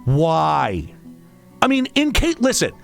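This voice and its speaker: A man in the middle of a heated, profane rant. His voice sits high for a man and leaps all over the place as he vents. Faint music plays underneath him. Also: big pitch swings, measured pace. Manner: exasperated, profane, sarcastic. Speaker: streamer and podcast host. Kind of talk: angry rant.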